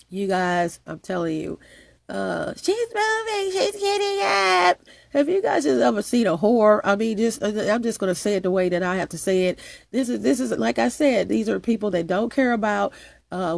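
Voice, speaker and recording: Woman, stuffy nose, fry in the voice, rambling monologue, restarts and repeats. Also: mid-range voice, darkish tone, no room sound. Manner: repetitive, emphatic, with frequent restarts. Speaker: channel host.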